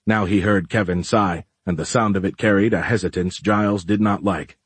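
A man reading a novel aloud in steady, measured audiobook narration. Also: sits low, breathy edge, no room sound.

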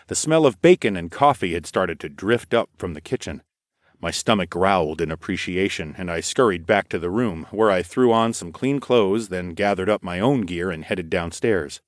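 A man narrating a story in the first person with steady, descriptive storytelling. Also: low-pitched, no room sound, clean studio sound. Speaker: audiobook narrator.

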